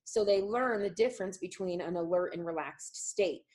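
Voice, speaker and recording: A woman's voice: fairly low pitch, moderate pace, a little mellow, rough recording. A woman dog trainer explaining a method in a live online class, talking loosely with many fillers.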